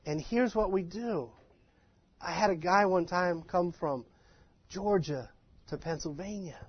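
Man, folksy lecture voice, fairly high pitch, dry and dull lo-fi recording. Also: a little slow, pauses often, breathy edge, no room sound. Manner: animated, folksy, self-deprecating. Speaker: ministry trainer. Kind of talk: informal lecture to a live class.

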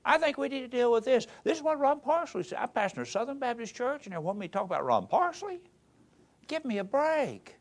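A shrill, indignant church lady, as a man telling a story puts her on, with her voice pitched far up and swinging about. She sounds scandalized and bossy, with a lively, sing-song delivery. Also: fairly quick, full character voice.

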